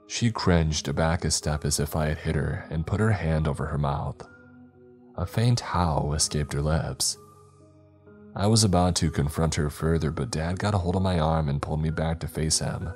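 A man narrating a scripted horror story in a steady, measured way. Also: extremely low pitch, faint music behind.

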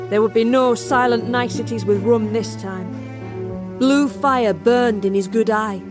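In this audio drama, a woman plays a barmaid and narrates a horror story in the first person. Her voice sits a little high and sounds close to how she normally talks, with a music score running underneath.

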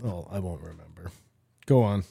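A man's voice: low voice, normal speed, creaky, warm tone, slightly rough. A man chatting on a podcast in a loose way, sometimes losing his thread. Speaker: podcast co-host. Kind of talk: casual podcast chat.

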